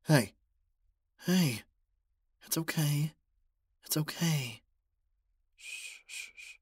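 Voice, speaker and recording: A man voicing an obsessive young male stalker in a whispered role-play, talking softly with stammers and pleas. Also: medium pitch, slightly rough, no echo, clean studio sound. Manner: soft, stammering, pleading.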